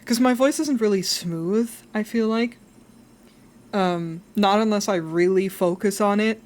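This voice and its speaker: A woman's voice: medium pitch, unhurried, a little mellow. A young adult woman chatting casually while drawing on a live stream, rambling and self-reflective, laughing often.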